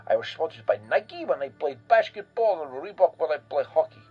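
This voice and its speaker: Man doing a boastful european oddball, rambling and self-mocking, lively sing-song voice, husky tone. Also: on the high side, fairly quick, muffled recording, soft background music. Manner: rambling, full of fillers and self-mockery. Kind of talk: comic character monologue.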